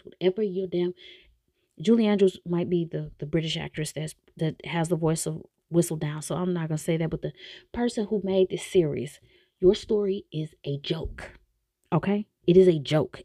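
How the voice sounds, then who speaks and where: A woman's voice: fairly low pitch, mellow, no room sound. A woman hosting a podcast, ranting bluntly and with exasperation in casual opinionated commentary. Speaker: podcast host reviewing a TV series.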